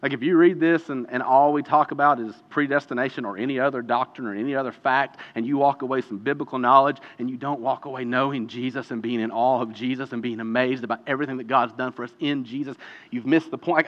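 A man preaching a sermon, animated and emphatic, with chatty asides and quick restarts between points. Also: medium pitch. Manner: animated preaching with sudden loud emphatic peaks; chatty, self-deprecating asides with fillers and restarts. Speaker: pastor. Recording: muffled, with a long hall reverb.

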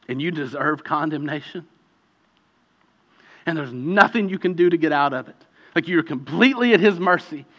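Preacher telling a story in an echoing hall. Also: male voice, on the high side, fairly bright tone. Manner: storytelling, building to impassioned preaching. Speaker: pastor. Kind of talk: sermon. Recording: reverberant hall, dull lo-fi sound.

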